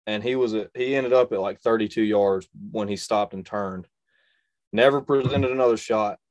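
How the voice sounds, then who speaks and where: A man's voice: on the low side, moderate pace, a little mellow, no room sound. A young adult man telling a personal hunting story in a conversation, earnest and emphatic, repeating phrases for stress. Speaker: hunter and video creator, guest.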